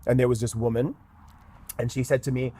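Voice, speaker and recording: A man's voice: mid-range voice, level tone, fairly quick, mellow, slightly rough, no echo. A man, a guest shaman in an interview, telling a story earnestly with many fillers. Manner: earnest, with frequent "um" and "like".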